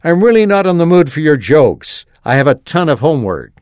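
A man's voice: a little high, sing-song, brisk, a little mellow, dry recording, studio quality. A man voicing a tearful proud teen girl. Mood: upset. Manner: strained, near tears.

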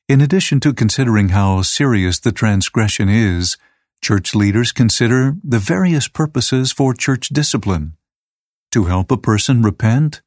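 A man reading aloud a teacher's lesson manual in a measured, even, scripted way. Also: mid-range voice, no room sound, clean studio sound.

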